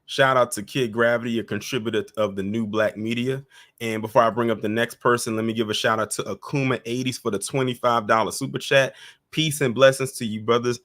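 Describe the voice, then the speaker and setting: A man's voice: mid-range voice, brisk. A man hosting a call-in livestream, chatting casually with callers and thanking supporters. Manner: relaxed, chatty, many fillers. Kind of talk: casual chat.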